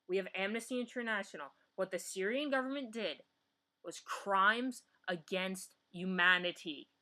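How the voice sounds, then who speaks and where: A woman's voice: mid-range voice, bright, forceful tone. A young American woman giving a heated political rant as a vlogger, blunt and swearing, often breaking off and restarting, recorded on a built-in computer mic at home. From United States.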